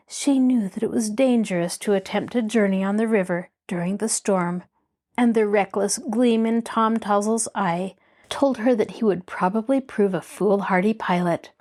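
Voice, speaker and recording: Woman narrating a mystery audiobook. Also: medium pitch. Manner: measured, expressive storytelling. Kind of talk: scripted narration.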